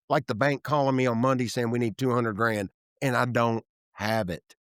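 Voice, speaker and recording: A Tennessee real estate developer in his fifties, interviewed as a guest in an office room, talks at a moderate pace in a clean-toned, mid-range voice. He tells candid stories animatedly, acting out quoted speech and frequently trailing off and starting over. The audio is clean studio sound with no room sound.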